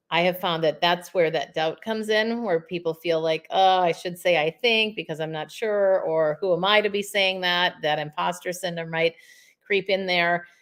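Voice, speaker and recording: A woman in her fifties, a communication coach, speaking as a podcast guest in an emphatic, energetic way with spoken examples. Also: fairly low pitch. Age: 50s.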